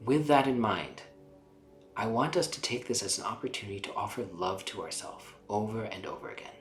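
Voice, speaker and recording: A man gently guiding a meditation as its teacher, soothing and unhurried, with some lines sinking to a near whisper. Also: medium pitch. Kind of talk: guided meditation. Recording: roomy sound with faint background music.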